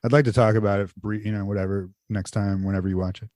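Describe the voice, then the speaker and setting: Low-voiced rambling male podcast host. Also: level tone, fast, a little mellow, no echo, clean studio sound. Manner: rambling, loose, heavy on "like" fillers. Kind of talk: casual chat.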